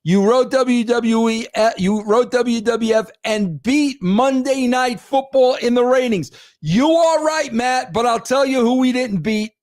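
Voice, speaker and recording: A man's voice: extremely high pitch, measured pace, a little mellow. A middle-aged man hosting a wrestling show, ranting in a crude, exasperated way and repeating himself for emphasis. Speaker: host. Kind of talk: ranting commentary.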